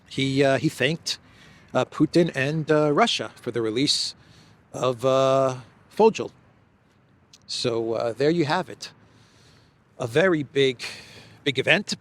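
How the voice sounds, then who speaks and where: A man hosting a solo news commentary show, talking haltingly with many restarts and fillers, leaning hard on key phrases. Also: medium pitch, fairly bright tone. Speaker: political commentary host.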